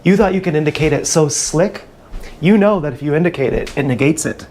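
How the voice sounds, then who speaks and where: A man rambling crudely through a live stream monologue, often clearing his throat. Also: a little high, a little fast, darkish tone, a little hiss or hum. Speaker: livestreamer. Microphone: action camera.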